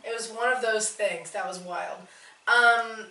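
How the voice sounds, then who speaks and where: A woman's voice: on the high side, unhurried, sharp tone. A woman co-hosting a podcast in casual chat, sassy and blunt, swearing freely. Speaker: podcast co-host. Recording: roomy, distant from the mic.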